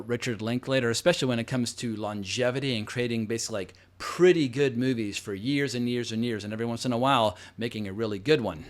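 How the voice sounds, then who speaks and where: A man in his forties hosts a casual film commentary, drifting through asides in a chatty, rambling flow. His voice sits at an ordinary middle pitch. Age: 40s. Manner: rambling, conversational, with asides and fillers. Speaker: host.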